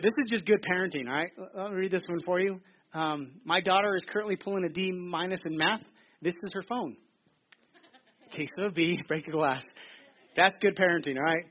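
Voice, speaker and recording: A man in his thirties preaching a sermon in a theater, joking and chatty, often restarting his sentences. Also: high-pitched. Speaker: pastor. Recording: slightly dull lo-fi recording.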